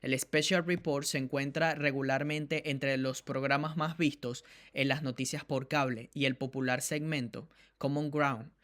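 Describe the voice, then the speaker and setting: 中くらいの高さの声の男性が、ネットのニュース番組の司会として視聴者に直接語りかける。強調しながら話すニュース解説調。. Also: male voice, medium pitch, fairly even intonation, normal speed, hardly any pauses, fairly bright tone. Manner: addresses viewers directly, emphatic. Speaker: news channel host. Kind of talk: online news commentary.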